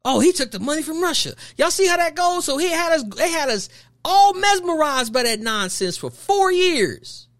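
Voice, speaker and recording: Lively, emphatic podcast host. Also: high-pitched, normal speed. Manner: emphatic, preachy, repeats phrases for effect; asks rhetorical questions. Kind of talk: opinion podcast monologue.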